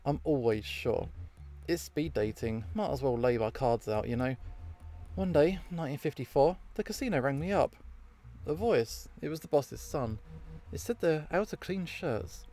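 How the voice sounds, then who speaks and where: A man's voice: medium pitch, lively intonation, normal speed, warm tone, close to an everyday voice. Vera, a man reading a blunt noir casino woman. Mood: dry. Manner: dry, clipped noir storytelling. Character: hard-boiled 1950s casino woman, smoky and blunt.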